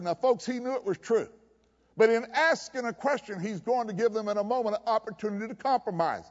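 High-pitched guy preaching, folksy and punchy, long echo in the hall. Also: fairly quick, darkish tone, highs cut off. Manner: emphatic, folksy preaching with humor. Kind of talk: sermon. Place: chapel service.

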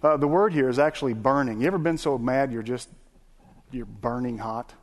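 A man in his forties preaching in a relaxed drawl. He tells stories in a folksy, animated way, stumbling over fillers and restarting his sentences, and his voice sits at a middle pitch. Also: fairly quick. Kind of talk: sermon.

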